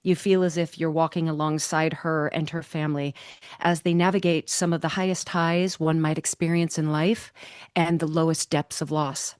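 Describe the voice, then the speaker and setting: Expressive woman podcast host, low voice. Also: normal speed, smooth, no echo, clean studio sound. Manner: expressive, emphatic, swings up in pitch when excited. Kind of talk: scripted introduction and casual interview chat.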